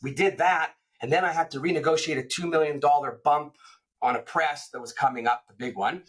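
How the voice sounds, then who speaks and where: A man who owns a print company, telling a personal business anecdote in a relaxed interview, with animated retelling and repeated words. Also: on the high side, a little fast. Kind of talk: casual storytelling in an interview.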